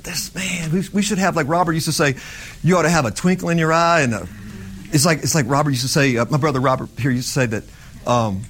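A middle-aged man delivers a loose, conversational sermon in a voice pitched a little above the usual for men. He talks to his listeners as if chatting, then lifts into fervent emphasis on the points that matter to him. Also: fast talker, fairly bright tone, faint music behind. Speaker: preacher. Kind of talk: informal sermon.

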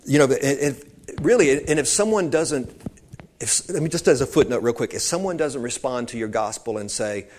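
A man's voice: medium pitch, expressive, moderate pace, darkish tone. A man preaching an informal sermon, talking conversationally and wandering into asides, calling his listeners saints.

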